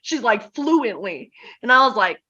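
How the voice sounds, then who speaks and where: Bright-voiced woman telling stories, lo-fi. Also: fairly high pitch, very animated, a little slow, slightly rough. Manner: storytelling, laughing, swearing casually. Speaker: podcast co-host. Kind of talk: casual group chat. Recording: dull lo-fi sound.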